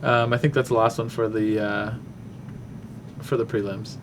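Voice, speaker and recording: A man's voice: on the low side, fairly even intonation, normal speed, noisy background. A man hosting a casual talk show, rambling through a fight breakdown while thinking aloud with many fillers. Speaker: podcast host.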